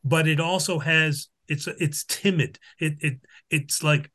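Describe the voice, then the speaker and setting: A man's voice: a little high, unhurried, bright, forceful tone, husky. A man teaching a Bible study, talking unscripted with many restarts and "all right?" check-ins. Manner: explains with Greek examples.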